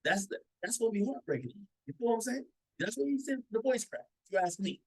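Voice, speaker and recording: A man's voice: extremely high pitch, lively intonation, quick pace, a little mellow, husky, poor audio. A man commenting casually on a played clip, opinionated, often stammering and repeating words. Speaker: reaction commentator.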